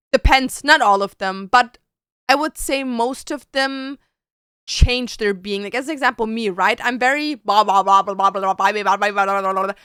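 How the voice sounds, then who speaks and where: A woman streamer talks casually and bluntly to her viewers, with plenty of swearing and "babes." Her voice is fairly high, bright and crisp, close and dry. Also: dry recording. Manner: blunt, profane, keeps calling listeners babes.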